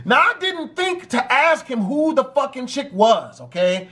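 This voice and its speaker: A man with a high-pitched voice recounts a dramatic story in a storytime vlog. He talks animatedly and curses constantly, with lots of fillers. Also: unhurried. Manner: animated, heavy cursing. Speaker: vlogger.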